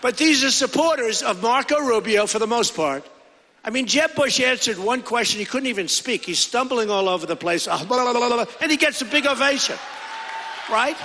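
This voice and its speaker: Bright, high-voiced man at a rally. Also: expressive, normal speed. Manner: rambling and repetitive, with conversational asides. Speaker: political candidate. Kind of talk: campaign rally speech. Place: large indoor rally hall. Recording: echoey hall with long reverb.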